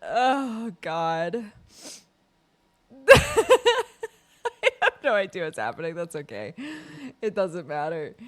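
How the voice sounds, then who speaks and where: A woman's voice: fairly low pitch, big pitch swings, slow, pauses often, fairly bright tone. A woman streamer chatting casually on a livestream, laughing often and playfully breaking into song. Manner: playful, bursts into sung lines.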